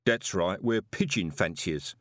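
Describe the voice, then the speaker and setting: A man voicing a dry, bearded male conspirator with a deadpan drawl in an audiobook. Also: low voice, a little slow, no room sound.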